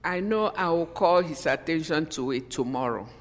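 A woman's voice: sits low, expressive, normal speed, big-room sound. A woman preaching a sermon and telling a personal story with strong feeling, often repeating "you know" and breaking off to start her sentences again. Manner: emotional, repeats "you know", stops and restarts lines.

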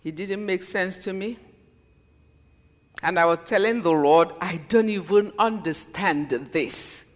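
A woman giving a personal testimony as a sermon, telling her story earnestly and then preaching with slow, stressed scripture quotes. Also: lowish voice. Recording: long reverb of a large hall.

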